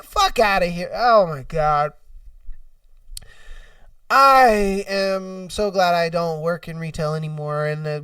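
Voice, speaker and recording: Loose, cussing podcast host. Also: male voice, on the high side, fairly bright tone, smooth, no room sound, studio quality, far from the mic. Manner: loose, profane, laughs at his own retellings. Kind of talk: casual podcast, reading posts aloud.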